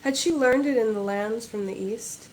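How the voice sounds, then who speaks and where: A woman author reading her historical fantasy novel aloud in a measured, even way. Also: a little high, slight background noise, low-quality recording.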